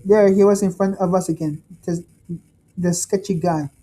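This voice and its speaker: A woman reading a first-person story aloud, halting, with frequent restarts and repeated phrases. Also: fairly low pitch, steady tone, warm tone, rough recording. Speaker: story reader.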